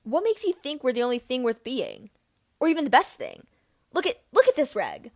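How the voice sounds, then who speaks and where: A woman's voice: sits high, huge pitch swings, normal speed, darkish tone, no room sound, studio quality, voice pushed up, full character voice. A woman voicing a hot-headed, anguished teenage boy in an amateur audiobook reading, heated and pleading.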